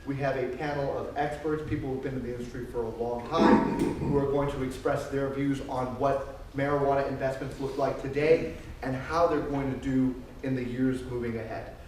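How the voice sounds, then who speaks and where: A man's voice: mid-range voice, very echoey, far from the mic, noisy background. A man introducing a panel from the stage, rambling a little and searching for words. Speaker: event host.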